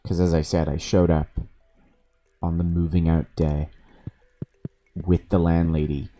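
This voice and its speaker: A man streams a video game through a desk microphone, casually telling stories between moves, swearing freely and laughing. His low, warm voice is flat and measured, with soft music in the background.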